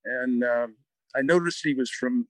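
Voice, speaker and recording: An older man from the American Midwest, a guest author telling lively anecdotes in an interview and acting out the quotes. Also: medium pitch, measured pace, no room sound, poor audio. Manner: lively anecdotal storyteller who acts out quotes. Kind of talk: storytelling in an interview.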